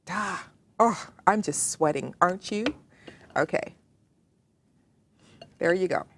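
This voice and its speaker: Speaking slowly in a fairly low, gravelly voice, a cooking show host with a Southern American accent demonstrates home cooking. She talks chattily to the viewer while she works in her kitchen, and a little hiss or hum sits under the recording.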